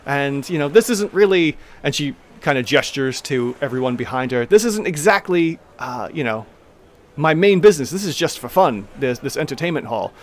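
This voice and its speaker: A man voicing a bustling, cheerful halfling woman who runs a fishery, talking high and eager. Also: animated, moderate pace, lightly acted. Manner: high, eager, chatty, fussing over business.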